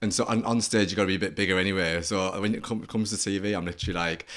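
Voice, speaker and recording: A man with a Northern English accent, a comedian chatting as a guest in a camp, animated way. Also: low-pitched, very fast. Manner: camp, animated, laughs often. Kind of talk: casual chat.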